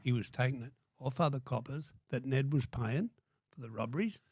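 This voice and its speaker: A man's voice: medium pitch, moderate pace, a little mellow, breathy edge, no echo, studio quality. An older Australian man telling blunt, profanity-laden stories in a casual interview, acting out what people said. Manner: blunt, swears constantly, acts out quotes. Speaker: guest.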